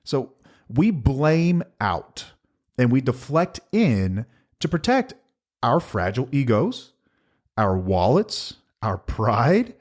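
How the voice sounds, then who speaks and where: A man's voice: medium pitch, big pitch swings, slow pace, darkish tone. Guy in his 40s, podcast host, voice jumps all over, a bit sarcastic. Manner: sarcastic, emphatic storytelling. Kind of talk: casual podcast chat.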